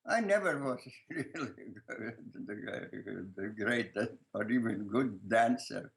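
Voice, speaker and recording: An older man with a strong Lithuanian accent, a filmmaker answering interview questions in a halting way, searching for words and often restarting, with soft laughs. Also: fairly low pitch, expressive, vocal fry, low-quality recording. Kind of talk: casual conversation.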